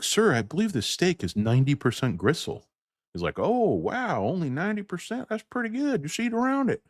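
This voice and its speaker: A middle-aged man with a low, deep voice rambles through a casual monologue and keeps drifting into crude tangents and silly impressions. His sound is dry and close, with no room around it. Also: no room sound. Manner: crude, joking, digressive, slips into mocking voices. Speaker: stock commentary host.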